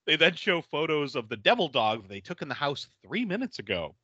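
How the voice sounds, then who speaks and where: A man's voice: fairly high pitch, big pitch swings, a little fast, hardly any pauses, bright, forceful tone, dry recording, dull audio. A man casually recapping a film plot, laughing often and acting out characters' lines. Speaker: podcast host recapping a film. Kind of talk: casual movie recap chat.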